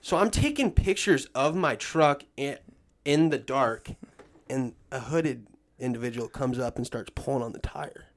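A man telling a long story in casual, profane talk, acting out what people said with big swings in voice. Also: unhurried. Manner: animated, acts out quotes with swings in pitch and volume. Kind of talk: casual storytelling with heavy swearing.

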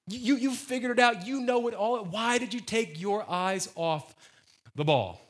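A male preacher voicing a patient male teacher who gently chides and coaxes his student in a sermon retelling. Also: high-pitched, expressive, moderate pace, pitched above the performer's own voice. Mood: gentle. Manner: gently reproachful, coaxing.

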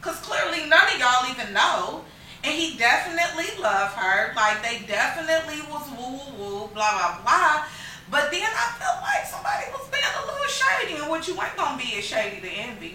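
A woman's voice: on the high side, a little fast, a little hiss or hum. A young woman telling a story in a casual, slangy chat, acting out quotes as she goes. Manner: animated, slangy, acts out quotes. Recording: echoey room, mic at a distance.

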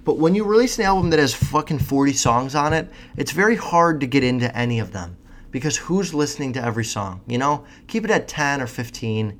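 A man's voice: medium pitch, animated, a little fast, a bit bright. A man hosting a casual podcast, talking bluntly and sarcastically and swearing often. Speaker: podcast host.

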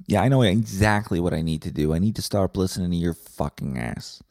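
A man's voice: sits low, lively intonation, normal speed, few pauses, a little mellow, no room sound, studio quality. A man hosting a podcast, delivering a profane, combative comedic rant. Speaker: podcast host.

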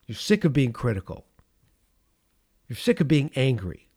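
A middle-aged man preaching a sermon with dramatic pauses and big swings in loudness. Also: mid-range voice, sing-song, slightly rough. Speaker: pastor.

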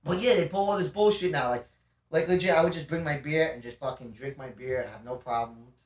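Animated young man, distant roomy mic. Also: on the high side, fairly quick. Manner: animated, profane, laughs through his story. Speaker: podcast guest. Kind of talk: casual storytelling.

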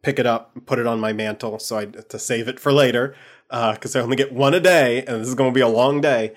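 Male tabletop player, chatty and hesitant, casual table talk, mid pitch. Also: steady tone, brisk.

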